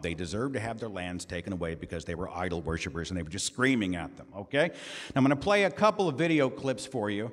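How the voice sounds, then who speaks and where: A man's voice: on the low side, in a large hall. A man giving a talk, with a conversational manner and many rhetorical questions. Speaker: guest speaker. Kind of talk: lecture presentation. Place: lecture hall.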